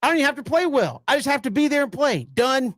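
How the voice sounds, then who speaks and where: A man's voice: extremely high pitch, fast, dry recording, clean studio sound. A man co-hosting a casual sports talk show, laughing often and telling stories with energy. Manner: laughs often, animated storyteller. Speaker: sports radio co-host.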